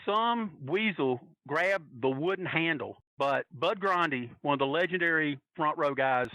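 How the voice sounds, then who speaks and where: A man from North Carolina casually telling a story as a podcast guest, animatedly acting out quotes in a higher voice. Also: lively intonation, measured pace, sharp tone, no room sound, highs cut off. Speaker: podcast guest, wrestling fan.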